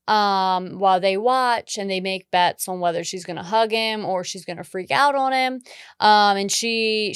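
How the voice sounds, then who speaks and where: Woman with a very clear voice recapping a film. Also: mid-range voice, dry recording, studio quality. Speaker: podcast co-host. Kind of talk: casual film recap chat.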